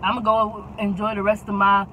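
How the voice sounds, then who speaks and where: A woman's voice: medium pitch, monotone, brisk, bright, forceful tone, a little hiss or hum, low-quality recording. A young woman tells a casual, dramatic storytime and keeps adding "okay?" to drive her points home. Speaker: YouTube storyteller.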